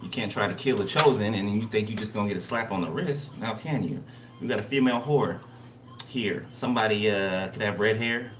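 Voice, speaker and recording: A man's voice: fairly low pitch, brisk, roomy sound, recorded from a distance, noisy background. A man giving a casual spiritual reading. He talks bluntly and emphatically, repeats himself, and swears freely. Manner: blunt, repetitive, profane. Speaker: tarot reader.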